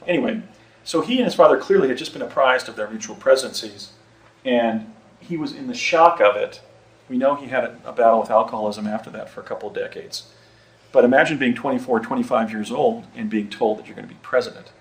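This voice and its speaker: Man in his fifties, casual storytelling, halting, repeats words. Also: mid-range voice, rough recording. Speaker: eyewitness telling his story.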